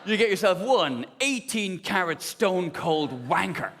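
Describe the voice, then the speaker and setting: A man's voice: high-pitched, expressive, unhurried, a bit bright, a little hiss or hum. A man performing live stand-up comedy on a theatre stage, ranting animatedly and swearing freely into a stage mic. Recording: long theatre hall reverb.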